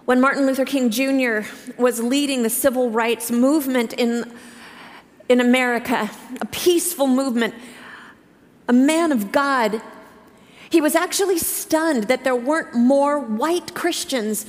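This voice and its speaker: A woman in her fifties preaching a sermon to her church, telling a personal story earnestly, with halting restarts. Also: high voice. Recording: reverberant hall.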